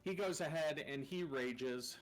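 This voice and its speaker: A man's voice: a little high, unhurried, faint music behind. A man narrating a tabletop game as game master in a loose, casual way, swearing and laughing between rules calls.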